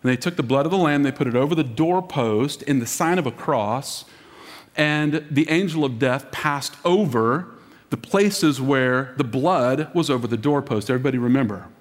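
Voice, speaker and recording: A man preaching as lead pastor, dramatic, dropping to a hush for emphasis and acting out quoted voices. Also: mid-range voice, normal speed. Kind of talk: sermon. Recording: long reverb of a large hall.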